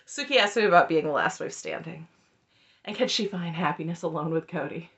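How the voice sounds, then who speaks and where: A woman's voice: lowish voice, fairly quick, fairly bright tone. A woman in her thirties giving a sarcastic, exasperated recap commentary that is often broken up by laughter. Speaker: reality TV recap YouTuber.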